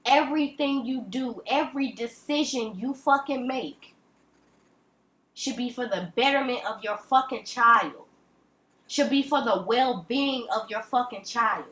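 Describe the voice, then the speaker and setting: A woman's voice: fairly high pitch, a little slow, a bit bright. Blunt, profane woman ranting at the camera. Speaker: vlogger. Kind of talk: ranting direct-to-camera vlog. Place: at home. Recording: echoey room.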